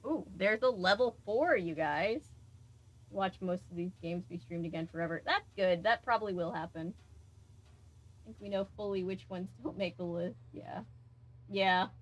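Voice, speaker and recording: A woman's voice: mid-range voice, moderate pace. A young woman chatting casually to her viewers while she plays a video game, talking back to the game as she goes. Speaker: game streamer. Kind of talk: casual gameplay commentary.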